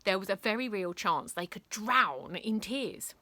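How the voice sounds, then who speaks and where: Woman storyteller, bedtime story, very lively pitch, slow unhurried pace, bright tone, dry close sound. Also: no room sound. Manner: expressive, playful, with character voices.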